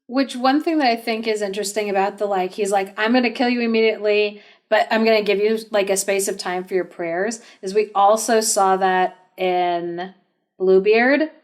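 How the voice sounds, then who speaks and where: A woman's voice: medium pitch, steady tone, normal speed. A young woman co-hosting a podcast, chatting casually and adding reflective asides. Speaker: podcast co-host. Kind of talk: casual chat.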